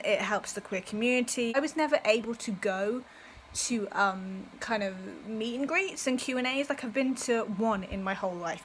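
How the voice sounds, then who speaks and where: A woman chatting in a casual book vlog, bubbly and gushing and quick to laugh. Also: medium pitch, fairly bright tone, slight background noise, rough recording. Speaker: book vlogger.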